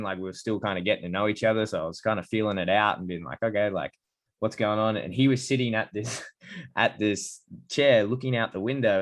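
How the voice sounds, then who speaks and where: A man's voice: fairly low pitch, no echo. A man hosting a podcast interview, telling stories in a casual, enthusiastic way. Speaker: podcast host. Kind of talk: conversational interview.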